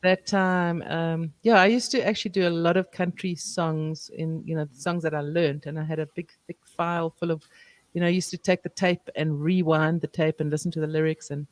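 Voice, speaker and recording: A woman guest chatting in a relaxed way, reminiscing at length. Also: deep voice, brisk, dry recording. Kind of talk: casual chat.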